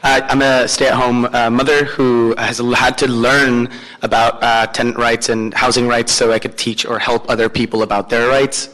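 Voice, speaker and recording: A man interprets public comment in a council chamber in a middle-pitched voice. He is hesitant and pauses often on fillers, and a long reverb trails his words. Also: level tone, fairly bright tone. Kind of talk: consecutive interpreting at a hearing.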